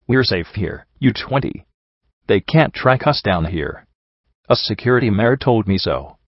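A man reading a storybook, voicing a gentle male unicorn who speaks quietly and firmly. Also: on the low side, expressive, unhurried, breathy edge, dry recording, exaggerated voice. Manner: soft, quiet, firm. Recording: dull dry recording.

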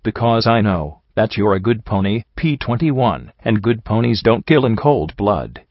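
A man reading as a soft-hearted weary mare. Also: on the low side, unhurried, dry recording. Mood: even. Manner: even, gentle. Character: weary female pony heroine, soft-hearted. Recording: dry, slightly dull home recording.

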